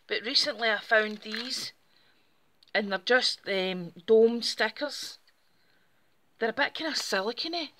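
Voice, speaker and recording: A woman's voice: on the high side, pushed and bright, a little hiss or hum. A woman, hosting a casual craft tutorial and chatting step by step in a friendly way. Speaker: craft channel host.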